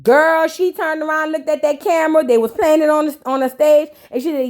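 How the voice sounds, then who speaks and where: High-voiced woman gossiping to viewers. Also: fairly quick, few pauses. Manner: animated, profane, talks straight to viewers. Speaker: reaction show host. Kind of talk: casual gossip recap.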